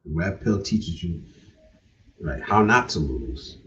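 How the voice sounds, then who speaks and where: A man with a deep, low voice, talking unhurriedly in a laid-back livestream chat, often ending his lines with "man". He sounds set back from the mic. The recording is dull and lo-fi. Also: animated, slow pace, fairly bright tone, recorded from a distance. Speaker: livestream host. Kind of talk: casual livestream talk.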